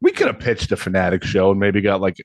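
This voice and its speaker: A man's voice: low voice, huge pitch swings, quick pace, no echo. A man hosting a podcast, joking in casual banter with wry, dry interjections. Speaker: podcast host.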